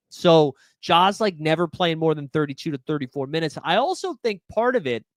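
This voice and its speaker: Guy in his 30s hosting a fantasy hoops stream, kinda high voice, super dry sound, chill and jokey. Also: fairly bright tone, no echo. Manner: chatty, laid-back, jokey, lots of filler words. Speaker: fantasy sports host. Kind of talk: live-stream Q&A, casual chat.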